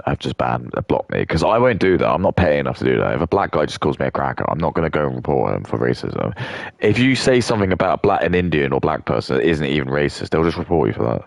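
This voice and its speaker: A man's voice: very deep voice, vocal fry, no room sound. A man streaming a game, talking in casual, rambling, crude chat full of fillers. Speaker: gaming streamer. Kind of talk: casual live-stream chat while gaming.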